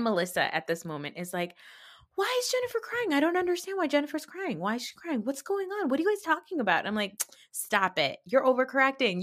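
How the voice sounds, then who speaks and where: A woman hosting a solo podcast who recaps reality television in an opinionated, sarcastic, animated way. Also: on the low side. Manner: opinionated, sarcastic, animated storytelling with mocking quoted voices. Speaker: podcast host.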